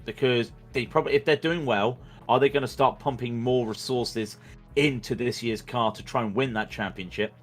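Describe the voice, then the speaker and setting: A male race commentator with a mid-pitched voice chats loosely over a live race. He rambles, jokes and often trips over his words as he restarts sentences. Soft music sits underneath. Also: moderate pace. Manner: rambling, stammering restarts, jokey. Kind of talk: casual commentary chat.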